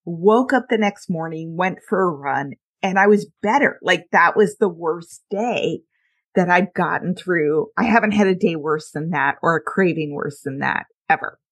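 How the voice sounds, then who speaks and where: A woman's voice: fairly low pitch, moderate pace. A middle-aged woman hosting a podcast, speaking candidly, telling personal stories and laughing often. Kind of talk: casual conversational interview.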